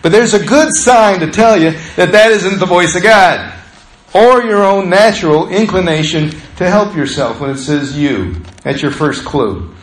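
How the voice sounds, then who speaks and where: A man preaching a sermon as pastor, talking in a conversational, animated way and telling stories with laughter. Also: sits high, a little slow, reverberant, rough recording.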